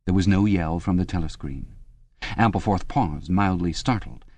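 A man narrating an audiobook in a steady, measured way. His voice sits very low. The recording is dry, close and free of room sound. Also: dry recording. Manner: even, measured reading. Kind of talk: scripted narration.

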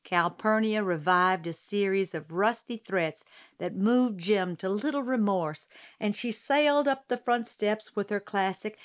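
Slow-paced woman reading a novel. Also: medium pitch. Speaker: narrator. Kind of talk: audiobook narration.

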